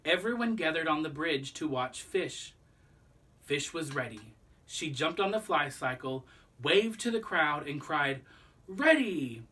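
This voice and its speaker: A man reading a children's book aloud, pausing to explain the lesson to young listeners. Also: on the high side, expressive, bright, forceful tone, distant mic. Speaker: storybook reader.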